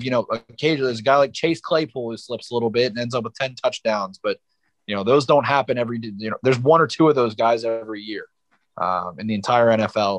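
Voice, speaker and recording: A man's voice: mid-range voice, no room sound. A man talking casually as a guest sports podcaster, rambling and emphatic, with lots of fillers. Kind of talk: casual sports analysis chat.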